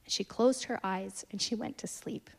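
Her mid-range voice is gravelly and husky as this thirtysomething woman delivers a sermon. Earnest and story-driven, she alternates forceful statements with quiet, hushed moments.

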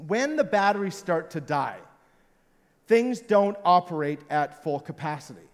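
A male pastor with a notably high voice preaches to a live congregation, his words ringing through a long hall reverb. He tells stories with a playful, joking manner and gets the room to join in. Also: lively intonation, a little slow. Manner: playful, jokey storytelling. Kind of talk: sermon with audience participation.

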